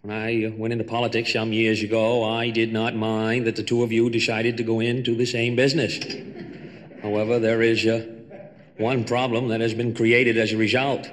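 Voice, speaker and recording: A man impersonating a Boston-accented president, halting and wry. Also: on the low side, little pitch movement, a little hiss or hum, close to an everyday voice. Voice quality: clipped, halting with drawn-out ums. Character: folksy middle-aged male president, dry and self-assured. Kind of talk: 1960s comedy album sketch. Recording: reverberant live comedy record.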